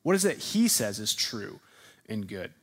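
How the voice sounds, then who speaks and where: A man's voice: lowish voice, very animated, measured pace, creaky, breathy edge. A man teaching a sermon-style class. He puts questions to his listeners, repeats their answers back, and leans hard on repeated words for emphasis.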